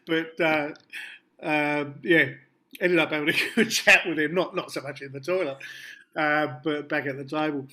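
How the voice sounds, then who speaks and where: Bright-voiced Australian man telling stories. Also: a little high, a little slow. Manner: rambling, laughing storyteller with many fillers. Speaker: musician guest. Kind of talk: casual anecdote telling.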